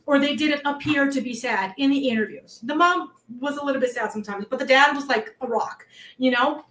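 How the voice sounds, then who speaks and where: High-voiced Massachusetts woman, worked up. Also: a little fast. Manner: animated, worked up, swears. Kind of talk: casual true-crime chat.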